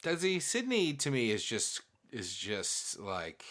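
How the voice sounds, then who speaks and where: A man's voice: medium pitch, huge pitch swings, takes it slowly, a bit bright. A man co-hosting a podcast with wry quips in casual banter. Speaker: podcast co-host.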